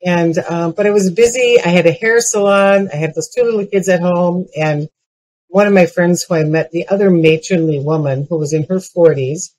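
Speaking at a normal speed in a fairly low voice, this older keynote speaker tells funny personal stories that climb toward punchlines. She's lively and restarts frequently, and the recording quality is low.

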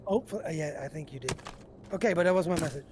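High-voiced excitable gamer man. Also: noisy background. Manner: quick, excitable, swears casually. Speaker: gaming teammate. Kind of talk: casual voice chat.

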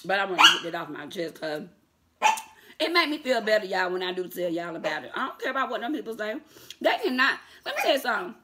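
A woman's voice: mid-range voice, big pitch swings, fast, pushed and bright, a little hiss or hum. A woman vlogger chatting casually to her viewers, calling them y'all and laughing often, defiant and sassy toward her critics. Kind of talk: casual vlog talk to viewers.

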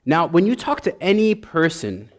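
A man's voice: a little high, very animated, moderate pace. A male priest preaching a sermon with passion, repeating his points for emphasis until he gets worked up. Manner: impassioned, builds to emphatic repetition.

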